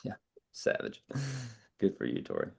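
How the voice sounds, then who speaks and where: A man leading an insurance sales team training, talking in a brash, animated way and swearing casually. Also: moderate pace.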